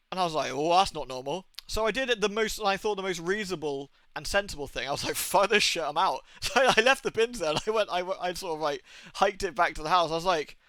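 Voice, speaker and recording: A man's voice: fairly high pitch, no room sound. A young man with an English accent, a game streamer telling rambling, sweary stories in casual chat. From England. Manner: rambling, sweary, animated storytelling.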